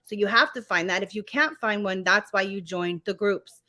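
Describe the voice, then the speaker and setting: A woman co-hosts a podcast in an easy, casual chat. Her voice is bright and sits at a middle pitch. She talks with emphasis and turns animated when she acts out how other people react. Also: normal speed. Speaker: podcast co-host.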